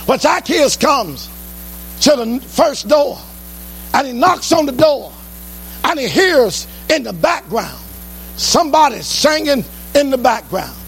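Church preacher, man, very high pitch, chanting cadence, shouts and sings his sermon. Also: very animated, takes it slowly, slight background noise. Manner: sing-song preaching, breaks into song and shouts.

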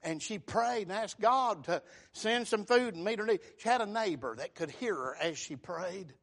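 A man preaching a sermon, telling folksy stories and rising into fervent shouts. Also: high voice, expressive, normal speed. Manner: fervent, builds to shouting bursts, folksy storytelling.

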